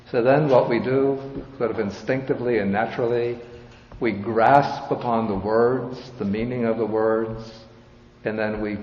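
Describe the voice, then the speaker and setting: A man giving a measured, explanatory Buddhist lecture, with touches of light humor. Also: lowish voice, a little hiss or hum. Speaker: Buddhist teacher. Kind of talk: dharma lecture. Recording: roomy, dull hall recording.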